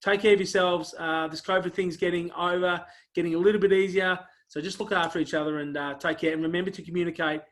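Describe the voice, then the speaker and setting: A man's voice: high voice, fairly even intonation, quick pace. A man hosting an interview show, talking casually and heaping praise on his guest with lots of fillers. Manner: effusive, warm praise, many fillers.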